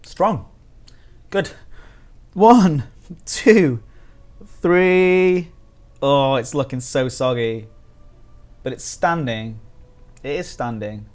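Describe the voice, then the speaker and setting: A man's voice: medium pitch, animated, extremely slow, long pauses, darkish tone. A man streaming live and reviewing biscuits in casual chat. He is giddy and laughs often between words.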